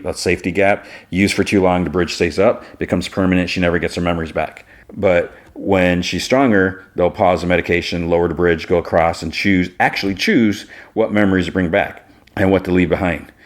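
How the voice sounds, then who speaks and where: Low-voiced man rambling through a recap. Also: steady tone, fairly quick. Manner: rambling, loose, full of fillers. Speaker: podcast host. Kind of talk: casual episode recap.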